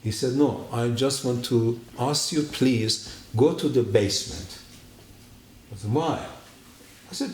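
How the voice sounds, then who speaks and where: A man giving his personal testimony at a church, telling his story in an animated way and acting out the dialogue. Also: mid-range voice, measured pace, a little hiss or hum. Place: church hall. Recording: echoey room.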